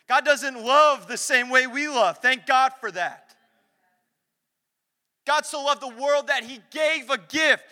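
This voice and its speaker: A young man preaching a lively sermon in a church, acting out the voices he quotes. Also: very high voice. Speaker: pastor. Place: church sanctuary. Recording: long hall reverb.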